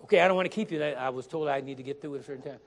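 A man preaching a sermon to a congregation, emphatic, repeating key phrases and slowly reading scripture aloud while asking the listeners questions. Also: mid-range voice. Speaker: guest preacher. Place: church sanctuary. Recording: long hall reverb.

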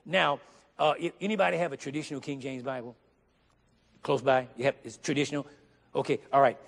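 A man preaching a sermon to a congregation, emphatic, repeating key phrases and slowly reading scripture aloud while asking the listeners questions. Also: medium pitch, fairly even intonation, creaky. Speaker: guest preacher. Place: church sanctuary. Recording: long hall reverb.

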